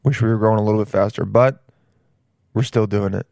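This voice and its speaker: A man's voice: lowish voice, fairly even intonation, fairly quick, creaky, darkish tone, no room sound, studio quality. A man hosting his own podcast, rambling casually in slang and calling the listener "dude". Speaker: podcast host. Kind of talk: casual solo podcast monologue.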